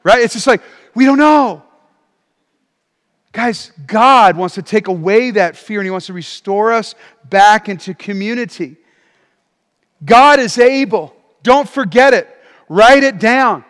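A man preaching a sermon as pastor, animated and calling for responses from the congregation. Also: high voice, measured pace, in a large hall. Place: church auditorium.

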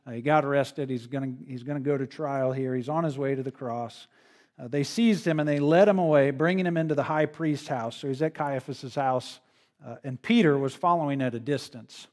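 A man's voice: medium pitch, fairly quick, darkish tone. A male pastor preaching an expository sermon in a conversational way, often checking in with the listeners. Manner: conversational, with frequent "right?" tag questions.

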